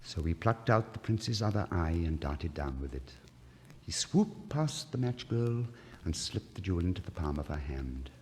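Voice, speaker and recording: A man with a fairly low voice reads a fairy tale aloud, making his pitch rise and fall dramatically. The recording is an old vinyl one with a long hall reverb. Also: normal speed, a little hiss or hum. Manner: expressive, theatrical storytelling. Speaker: narrator. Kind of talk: storybook reading.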